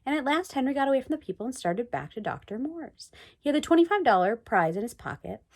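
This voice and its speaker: A woman reading a children's chapter book aloud in an expressive read-aloud manner. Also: high voice, fast. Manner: expressive, sing-song read-aloud delivery. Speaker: storybook reader.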